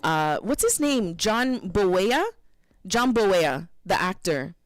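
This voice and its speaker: A woman co-hosting an internet radio show, chatting casually and telling stories in an animated way. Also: mid-range voice, slow pace.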